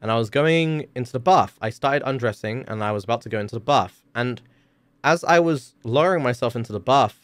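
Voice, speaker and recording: A man's voice: mid-range voice, fairly quick. A man streaming from home, telling a story in a casual, rambling way with lots of filler words and swearing.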